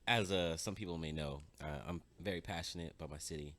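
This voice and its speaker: A man, a podcast guest, chatting casually while gaming, pausing often with filler sounds. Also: sits low, no room sound. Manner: relaxed, hesitant with many ums.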